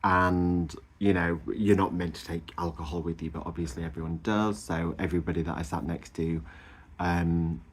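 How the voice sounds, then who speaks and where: Man, 30s, low voice; chatty vlogger gushing about his weekend, lots of ums and laughs. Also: steady tone, moderate pace, breathy edge. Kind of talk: casual chatty weight-loss update.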